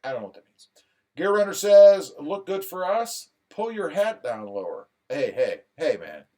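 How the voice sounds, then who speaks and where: A man's voice: on the high side, sing-song, moderate pace, dark tone. Laid-back man reading livestream chat. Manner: easygoing, joking, reads viewer comments aloud. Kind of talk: casual live chat.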